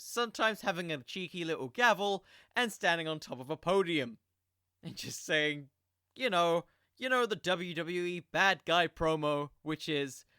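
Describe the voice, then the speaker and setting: A man's voice: fairly high pitch, lively intonation, moderate pace, sharp tone, smooth, dry recording, clean studio sound. A young man hosting a podcast, talking in a casual, rambling monologue that keeps drifting onto tangents. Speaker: podcast host.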